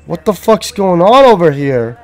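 A man giving casual, excitable gaming commentary, swearing and frantically repeating himself as the action heats up. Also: high-pitched, unhurried. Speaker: gameplay commentator.

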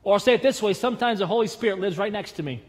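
A pastor preaches a sermon in a church sanctuary, emphatic and punchy, his repeated phrases rising. His voice is high and very fast, carrying a long church reverb.

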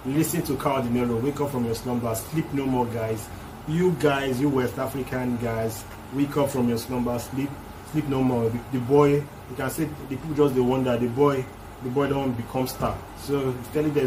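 A man's voice: medium pitch, steady tone, moderate pace, background noise. A man hosting a music reaction video, casually explaining rap lines one by one in a loose, chatty way.

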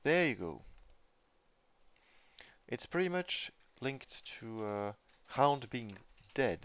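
A man's voice: mid-range voice, very animated, slow pace, fairly bright tone, clean tone. A man giving casual live-stream commentary on a tabletop game, thinking aloud as he reads the game state. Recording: dull lo-fi stream audio.

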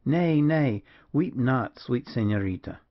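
A man reading the part of a gallant, rough soldier who speaks gently but firmly. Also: medium pitch, expressive, takes it slowly, muffled recording. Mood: earnest.

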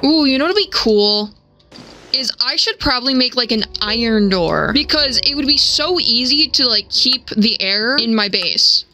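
A young woman giving casual gameplay commentary, excitable, swearing and shrieking when startled. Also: on the high side, normal speed, rough recording. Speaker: gaming streamer. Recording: music playing behind the voice.

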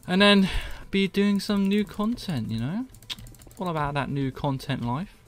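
A UK man with a high voice speaks unhurriedly while gaming and chatting with viewers on a live stream. His tone is joking and self-mocking, and he reads the chat aloud.

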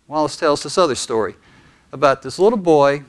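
A man preaching a sermon as pastor, telling stories earnestly with deliberate pauses. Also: on the high side, lively intonation.

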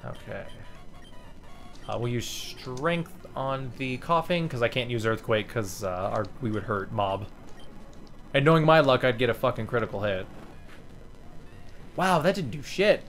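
A man narrating his own gameplay in a loose, swearing, chatty way. His pitch sits mid-range but moves a lot, jumping up when something surprises him. Soft music plays faintly behind. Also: animated, a little slow, long pauses. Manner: chatty, profane, easily amused. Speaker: let's play host. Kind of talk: casual gameplay commentary.

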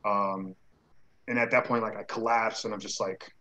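A man's voice: fairly low pitch, fairly even intonation, normal speed, pushed and bright, a little hiss or hum, poor audio. A man who is a guest on an interview show, telling a personal story in a casual way. He acts out the dialogue he quotes and uses many "like" fillers.

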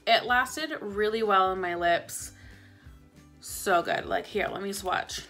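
A woman's voice: mid-range voice, slow, pushed and bright, faint music behind. A young woman chatting casually about a shopping haul, bubbly and repetitive for emphasis. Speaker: beauty vlogger.

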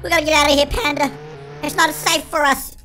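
A squeaky chipmunk gamer. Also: flat delivery, a little fast. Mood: frantic. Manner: shrieky, panicky, constantly shouting to friends. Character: excitable cartoon chipmunk gamer. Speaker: gaming channel host. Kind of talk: game commentary. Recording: noisy game sounds behind.

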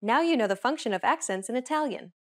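A woman hosting a language lesson, explaining the rules in a clear, measured scripted narration. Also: on the high side, animated.

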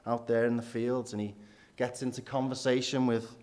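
A man, preaching a sermon in church with rhetorical questions, dropping low and quiet for emphasis. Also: little pitch movement, moderate pace.

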